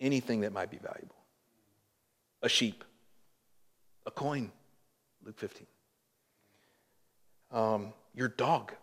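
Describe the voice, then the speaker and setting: A man preaching a sermon as a pastor, slow and emphatic, swelling in volume on key points. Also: lowish voice, a bit bright, long reverb tail.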